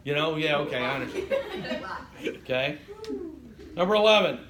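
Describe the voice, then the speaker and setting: A man with a drawl gives a lively classroom lecture, joking with his students and checking in with them. His voice sits a little high. A faint hum of noise runs under it in the classroom. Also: moderate pace. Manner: animated, joking, keeps checking in with "okay?". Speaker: college instructor.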